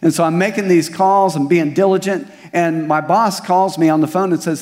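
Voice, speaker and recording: A man's voice: fairly high pitch, steady tone, normal speed, a little mellow, in a large hall. A male pastor preaching a sermon, mixing scripture with personal stories and rhetorical questions. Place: church service at a community center.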